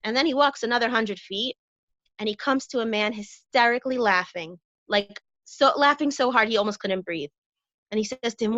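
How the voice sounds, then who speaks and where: A woman's voice: fairly high pitch, normal speed, a bit bright, dry recording. A middle-aged woman chatting casually as an interview guest, telling a long joke with many fillers and restarts. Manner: jokey storyteller, lots of fillers and restarts. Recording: dull lo-fi call audio.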